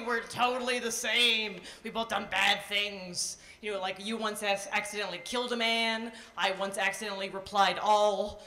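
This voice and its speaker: A woman's voice: medium pitch, fairly even intonation, moderate pace, few pauses, sharp tone. A woman from Canada doing a live stand-up set, telling stories in a brash, chatty way with profane punchlines. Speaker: stand-up comedian. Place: nightclub stage before a live audience. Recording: roomy live club sound.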